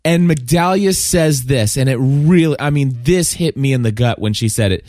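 A man's voice: mid-range voice, normal speed, a little mellow, no echo. Earnest man on a podcast, dry sound. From Kentucky, USA. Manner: earnest, emotional, many restarts. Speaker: podcast host. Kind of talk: casual podcast chat.

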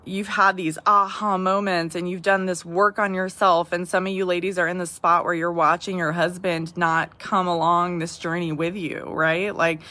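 A woman's voice: fairly low pitch, flat delivery, normal speed, few pauses, bright, forceful tone. A woman in her thirties hosting a podcast, sharing personal reflections with listeners in a heartfelt way, often restarting phrases and asking "right?". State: tearful at times. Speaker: podcast host.

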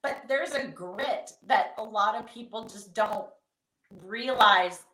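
A middle-aged woman being interviewed, telling candid stories and acting out quoted lines in a lively conversational way. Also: mid-range voice, slow pace, echoey room, poor audio. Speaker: guest, event company founder.

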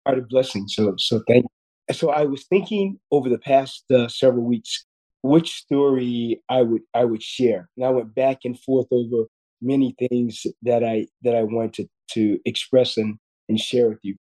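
An earnest surgeon in his fifties, appearing as a podcast guest, tells a personal story in a middle-pitched voice with a dark, mellow tone. He speaks at a moderate pace, often restarting and repeating words, and the audio is poor.

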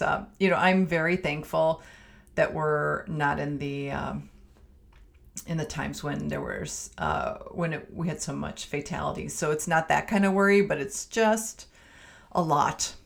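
A middle-aged woman hosts her own podcast, chatting in a homey, unscripted way. Her voice sits a little low for a woman, and she often trails off into ums and fresh starts. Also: gravelly, fairly bright tone. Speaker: podcast host and family physician. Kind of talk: casual solo podcast talk.

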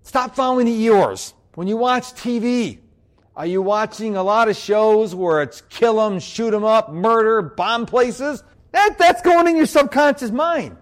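A man giving an upbeat, energetic motivational talk on productivity to an audience, who also hosts a podcast. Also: high-pitched. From United States. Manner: bouncy and upbeat, always energetic. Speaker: productivity speaker and podcast host.

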